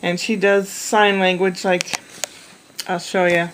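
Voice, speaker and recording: A woman's voice: on the low side, level tone, slow, a little hiss or hum, rough recording. A woman chatting in a rambling, meandering way about her day looking after a toddler. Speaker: vlogger caring for a toddler. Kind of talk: rambling casual chat.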